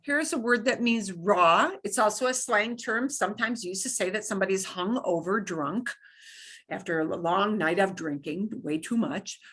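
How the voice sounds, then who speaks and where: Woman language teacher, bright tone, patient repeat-after-me drills. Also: medium pitch. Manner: demonstrates sounds by slow repetition, playful. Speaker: Spanish teacher. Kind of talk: beginner language lesson.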